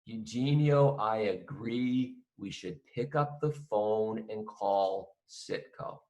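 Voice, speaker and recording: A man's voice: on the low side, slow pace, a little mellow. A man teaching an accounting lesson in a conversational way, acting out both sides of a phone call with a client.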